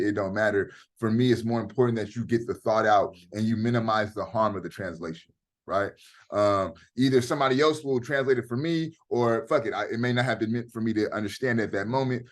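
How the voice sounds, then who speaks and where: Middle-aged man, professor, low voice, casual and blunt, video call. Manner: casual, direct, swears freely. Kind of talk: online class lecture.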